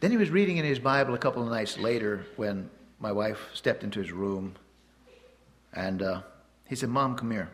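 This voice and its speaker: A man preaching a sermon in a conversational, storytelling way, often pausing with fillers and restarts. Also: fairly low pitch. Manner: chuckles at his own stories.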